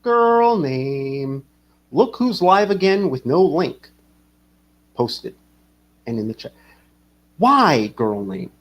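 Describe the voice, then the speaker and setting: A man hosting a livestream, rambling casually, swearing and reading chat comments aloud. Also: a little high. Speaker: livestream host.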